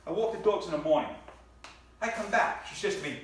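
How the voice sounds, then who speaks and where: A man's voice: high-pitched, fast talker, a bit bright. A middle-aged man doing a stand-up routine, telling his story in an exasperated way and stumbling over repeated words. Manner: stammering repetitions, exasperated storytelling. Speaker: stand-up comedian. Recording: echoey room from far off, faint noise.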